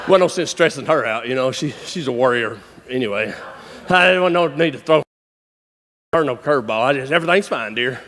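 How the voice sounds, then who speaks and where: A man telling a story in a lively, folksy sermon, breaking into shouts and laughter. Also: mid-range voice, moderate pace, pauses often. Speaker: conference speaker. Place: large church hall. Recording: long hall reverb.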